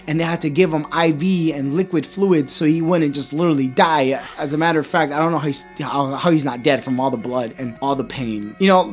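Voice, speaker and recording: A man in his thirties retells a horror story as casual chat, wandering off into asides as he goes. His voice sits a little high for a man. Soft guitar music plays quietly behind him. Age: 30s. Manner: rambling and conversational, with frequent asides.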